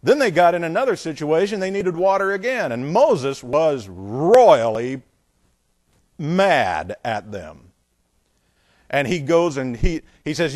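A man teaching the Bible in a sermon style, animated and digressive, often asking his listeners questions. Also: a little high, unhurried.

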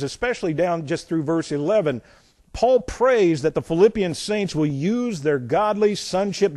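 Male pastor, slightly high voice, sermon with folksy asides, dry close sound. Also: dry recording. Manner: reads scripture aloud, then explains it with folksy asides; dramatic swings between loud emphasis and quiet asides.

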